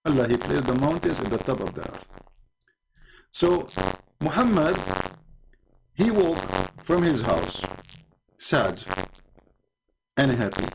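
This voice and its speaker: A man's voice: mid-range voice, sing-song, unhurried, creaky, pauses often. A man with an Arabic accent, from the Arab world, telling a story on a livestream in a sarcastic, theatrical way, repeating words for effect. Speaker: online religion debater. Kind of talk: mocking livestream talk. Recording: noisy mic on livestream.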